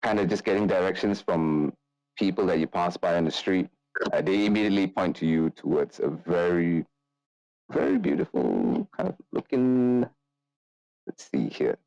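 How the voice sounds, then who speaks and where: A man with a very low voice narrates a tabletop game as game master. He talks loosely, filling his lines with ums and uhs. The sound is dry and close. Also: normal speed, no room sound, muffled recording, faint music behind. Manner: loose, relaxed narration with many fillers.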